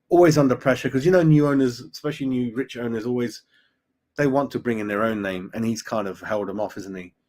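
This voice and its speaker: A man's voice: mid-range voice, a little mellow. A middle-aged man hosts a fan live stream, chatting with viewers in an opinionated way and tagging lines with "mate" and "right?". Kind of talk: casual live-stream chat reading viewer comments.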